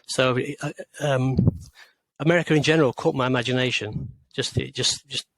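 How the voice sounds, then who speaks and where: A man in his sixties from rural England, a guest author on an interview show. He speaks at a mid pitch and picks his words slowly, with many pauses and restarts. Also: fairly even intonation, vocal fry, no echo, poor audio. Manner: hesitant, many fillers and restarts.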